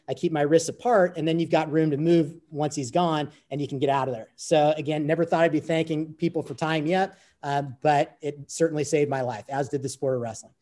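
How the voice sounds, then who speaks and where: A man with a higher-pitched, darkish voice recounts something from his own life as a guest in an interview. His storytelling is conversational and sincere, with phrases repeated as he goes.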